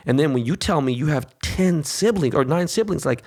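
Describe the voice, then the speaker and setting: A man in his forties hosting a podcast in casual chat, an animated storyteller who swears freely and mimics others. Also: fairly high pitch, a little fast. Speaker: podcast host.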